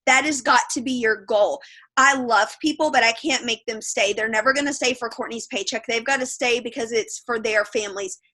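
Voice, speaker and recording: A woman's voice: on the high side, fairly quick, pushed and bright. A woman leading her sales team on a video call, giving a blunt, emphatic motivational talk.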